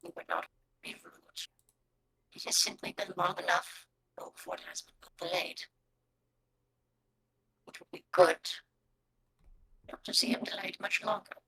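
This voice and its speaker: A woman voicing a stern, gravelly male wasp guard official who speaks in clipped, formal phrases over a video call. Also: medium pitch, wildly swooping pitch, measured pace, long pauses, noisy background, voice pushed down, exaggerated voice. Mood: formal, weary.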